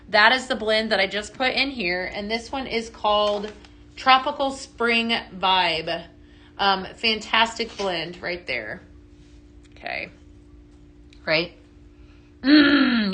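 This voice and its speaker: A woman hosting a live product demo, talking chatty and upbeat and ending lines with quick "okay?" and "right?" checks. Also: medium pitch, bright, forceful tone. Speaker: live shopping host.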